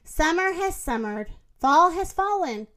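Thoughtful storybook cow as a woman reads her, gentle, slow, lively pitch. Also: full character voice. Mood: wistful. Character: thoughtful, bossy female cow.

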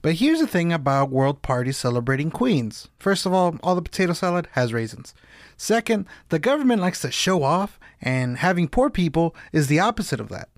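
Jokey sarcastic podcast guy, kinda high voice, dry close sound. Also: moderate pace, no room sound. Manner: sarcastic, jokey, animated outbursts. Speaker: podcast co-host. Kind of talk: comedic casual banter.

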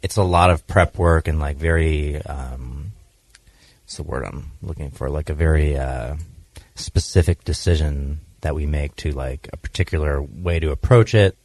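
Very deep-voiced male podcast host. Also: moderate pace, dry recording. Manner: relaxed, filler-heavy talk. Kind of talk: casual chat.

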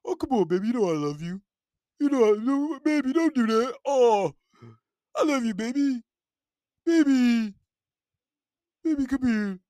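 A clingy young boyfriend, as a man mockingly puts him on, whining and begging in a voice pushed up higher than the speaker's own. He pleads over and over with no backbone. The voice sounds a little off the mic, and the room is dry. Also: expressive, a little slow, pauses often, mellow, dry recording. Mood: pleading. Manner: whiny, begging.

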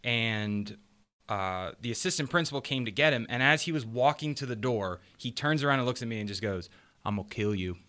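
A man's voice: medium pitch, fairly quick. A man, a comedian guest, telling anecdotes about substitute teaching in a casual chat. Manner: animated anecdotes with laughs.

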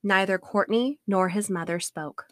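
A woman co-hosting a podcast, calmly reading a true-crime book excerpt aloud on a close studio mic. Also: medium pitch, measured pace, no echo. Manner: calm, even narration. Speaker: podcast co-host.

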